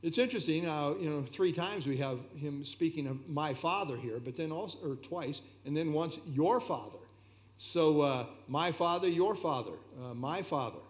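A man with a fairly high speaking voice teaches a Bible study. He explains each verse in a relaxed, conversational way and often pauses with "uh" and small restarts. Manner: hesitant, many fillers, relaxed and explanatory. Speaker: pastor leading a Bible study.

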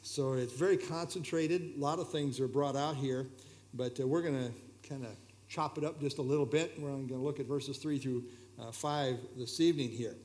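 A man leading an evening Bible study, explaining verses in a relaxed, conversational way with frequent hesitations and fillers. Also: mid-range voice, normal speed.

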